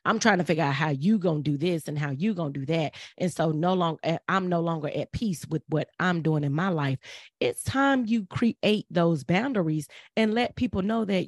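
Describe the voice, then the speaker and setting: A woman's voice: on the low side, normal speed, dry recording, clean studio sound. A middle-aged woman, speaking in an earnest, preachy way and repeating phrases for emphasis. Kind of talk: casual motivational talk.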